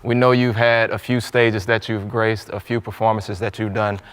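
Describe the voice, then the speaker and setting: Relaxed man hosting a casual chat. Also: fairly low pitch, moderate pace, clear, resonant tone. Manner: relaxed, conversational, frequent affirmations. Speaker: host.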